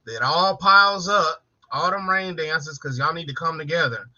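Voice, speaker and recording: A man's voice: on the high side, moderate pace, sharp tone, muffled recording. A man co-hosting a casual late-night live stream, joking, swearing and calling out chat viewers by name.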